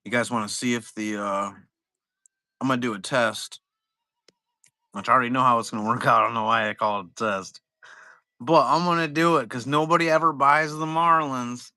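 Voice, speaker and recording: A middle-aged man talks loosely and at length, drifting from one story to the next, with plenty of cursing and chuckling at his own tales. His voice is bright and a little tense. The sound is close and dry, with no room around it. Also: medium pitch, normal speed, long pauses, no echo. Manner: rambling storyteller, swears freely, laughs at his own stories. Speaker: live-stream seller. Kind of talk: casual chat. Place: at home, sitting.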